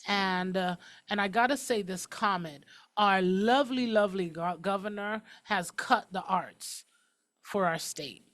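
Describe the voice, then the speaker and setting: A woman hosting a talk show, talking quickly and emphatically in a casual, outspoken way. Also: mid-range voice, a bit bright.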